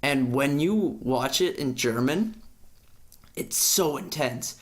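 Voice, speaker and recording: A young man co-hosting a casual podcast, ranting with lots of swearing and sudden jumps in pitch. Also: slow. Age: young adult. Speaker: podcast co-host. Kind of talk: casual chat.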